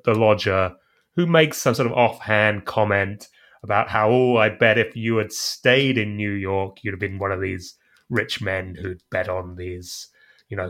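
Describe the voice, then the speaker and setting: Co-host, lowish voice, measured and explanatory book talk. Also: male voice, gravelly, a bit bright. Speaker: podcast co-host. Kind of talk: casual book discussion.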